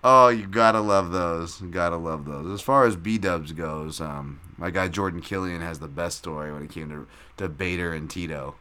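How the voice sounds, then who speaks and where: A man's voice: sits low, moderate pace, bright, forceful tone, clear, resonant tone. A man hosting a podcast in a loose, rambling live-stream recap, reading out chat and swearing casually. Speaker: podcast host.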